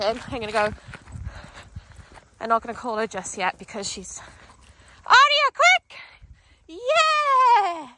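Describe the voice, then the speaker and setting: A woman dog trainer demonstrating outdoors, explaining calmly between bursts of high, excited calls to her dogs. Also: background noise. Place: outdoors on grass.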